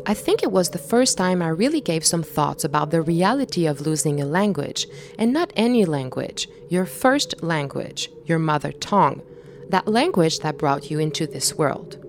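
Québécois woman narrating, lively low voice. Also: normal speed, a little hiss or hum. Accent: Québécois French. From Quebec. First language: French. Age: 30s. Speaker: documentary host and narrator. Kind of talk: reflective scripted narration.

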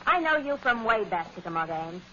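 An actress playing a sharp-tongued nightclub performer wife in 1940s radio acting. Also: female voice, fairly high pitch, sing-song, fairly quick, a little hiss or hum. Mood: scolding. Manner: sassy, scolding. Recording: lo-fi old radio broadcast.

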